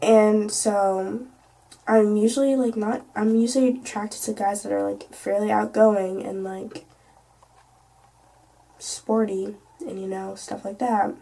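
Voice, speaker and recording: A woman's voice: medium pitch, fairly even intonation, slow pace, vocal fry, dark tone. A teenage girl telling a casual storytime vlog, chatty and full of "like" and "you know". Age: teens. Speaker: vlogger.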